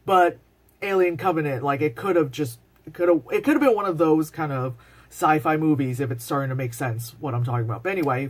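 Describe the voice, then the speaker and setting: A woman giving a casual, rambling movie review on a phone mic, full of fillers and swearing. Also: low-pitched. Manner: excitable, acts out scenes in voices.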